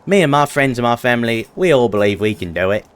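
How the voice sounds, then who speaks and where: A man's voice: animated, quick pace, clean tone, lightly acted. A man voicing an eager, chatty townsperson who gushes with admiration for a knight, reading game dialogue aloud. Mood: gushing. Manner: gushing, breathless admiration with pitch leaping high.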